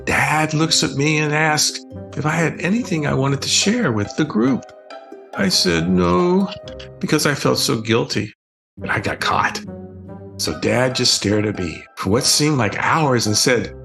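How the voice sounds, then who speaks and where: An older man, an author, reading his children's book aloud in a playful, expressive way. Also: mid-range voice, unhurried, gravelly, faint music behind. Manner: playful, expressive first-person child narration. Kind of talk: storybook reading.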